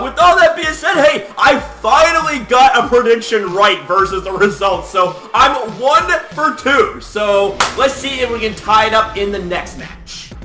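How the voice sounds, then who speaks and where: Animated high-pitched man in echoey room. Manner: animated, swears a lot, filler-heavy. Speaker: wrestling commentator, channel host. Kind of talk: casual video recap. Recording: echoey room with faint music.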